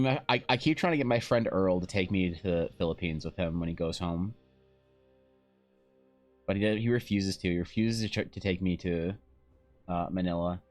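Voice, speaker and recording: A man's voice: low voice, a little mellow. A man chatting casually on a live stream while drawing, joking and swearing with self-mocking humor.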